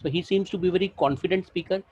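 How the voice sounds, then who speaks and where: A man giving a halting spoken evaluation of a speech, restarting his phrases as he goes. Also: sits high, a little mellow, slightly rough. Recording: dull lo-fi video call audio.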